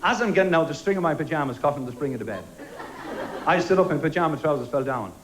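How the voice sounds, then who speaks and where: A man with an Irish accent doing a stand-up comedy routine, deadpan, with quick quoted exchanges. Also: on the high side. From Ireland. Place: television studio stage before a live audience. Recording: loud audience laughter and noise. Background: audience laughing.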